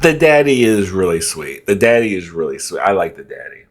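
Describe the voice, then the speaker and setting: A man's voice: sits low, sing-song, fairly quick, slight background noise. A man hosting a reaction video, rambling, joking and interrupting himself as he comments.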